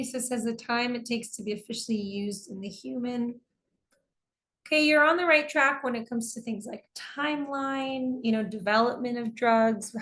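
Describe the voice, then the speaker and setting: A woman's voice: fairly high pitch, fairly bright tone. An American woman teaching an online English class, explaining terms patiently with examples and reading out students' answers.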